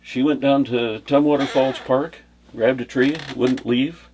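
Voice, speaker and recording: A man's voice: medium pitch, steady tone, unhurried, a little mellow, slight background noise. A middle-aged man from the United States, a former bodyguard, answering questions in a rambling, anecdotal way and chuckling through his stories. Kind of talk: casual storytelling interview.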